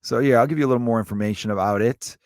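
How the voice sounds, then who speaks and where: Brief: Chicago comic, man, animated profane podcast rant, dry close-miked sound. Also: rapid-fire, clean tone, no room sound. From Chicago, USA. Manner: animated, profane, swings from loud to low. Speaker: stand-up comedian and podcaster. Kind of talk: comedic rant.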